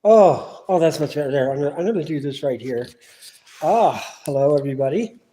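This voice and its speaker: Livestreaming solo from his home garage on a phone camera, a man rambles casually and fires lots of questions at viewers who aren't there. His voice is fairly high, animated, brisk, and mellow.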